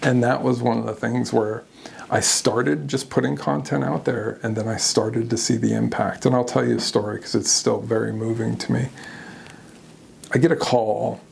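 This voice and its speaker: A man speaking as an interview guest, candid and animated, often laughing at himself as he tells his own story. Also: medium pitch, moderate pace, creaky, slight background noise.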